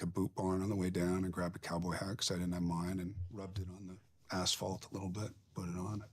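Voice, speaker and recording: Male actor, low and husky, in a thoughtful interview, telling wry anecdotes. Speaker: film actor being interviewed. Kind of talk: reflective interview storytelling.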